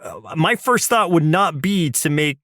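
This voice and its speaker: A man's voice: fairly high pitch, lively intonation, measured pace, bright, forceful tone, no echo, studio quality. A man co-hosting a cartoon podcast in casual chat, easygoing, often restarting words and quoting characters. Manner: easygoing, repeats himself, quotes characters. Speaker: podcast co-host.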